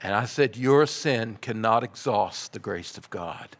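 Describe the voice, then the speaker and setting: A man preaching a sermon, telling a story in a measured way and dropping to soft, quiet passages. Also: on the low side, expressive. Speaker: pastor.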